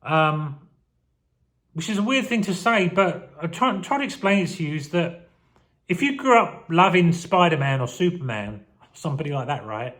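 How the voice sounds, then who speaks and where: A man's voice: a little high, sing-song, normal speed, fairly bright tone. A man in his forties reflecting on his childhood in a rambling, heartfelt vlog, getting emotional as he talks. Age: 40s. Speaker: vlogger. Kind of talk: casual personal reflection to camera.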